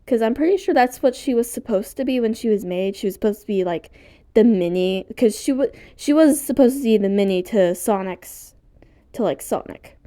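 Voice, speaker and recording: A woman vlogging at home in a rambling, casual way, excitable and easily sidetracked, and she swears casually. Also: fairly high pitch, moderate pace.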